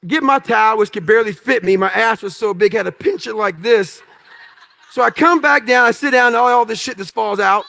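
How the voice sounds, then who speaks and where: A man with a high, fairly quick voice that is creaky, pushed and bright tells an audience his life story. He's a motivational speaker using blunt, profane, emphatic short phrases, acting out what he thought back then.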